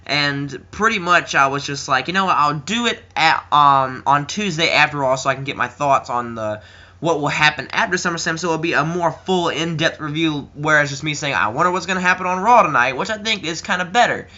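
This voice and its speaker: Chatty teenage boy, bright lo-fi voice. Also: a little fast. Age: teens. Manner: rambling, filler-heavy, acts out quotes in a higher voice. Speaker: wrestling reviewer. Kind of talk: casual chat.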